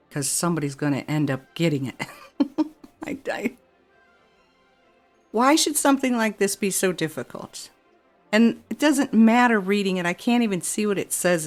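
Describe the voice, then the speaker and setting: A woman giving gameplay commentary as she plays a city-building game, exasperated and grumbling to herself about the controls. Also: on the low side. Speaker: game streamer.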